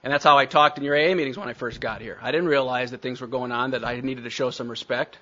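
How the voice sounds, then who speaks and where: A man's voice: mid-range voice, fairly even intonation, fast, bright, forceful tone, dull audio. A man telling his recovery story to a meeting, blunt and self-mocking. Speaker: speaker sharing recovery story.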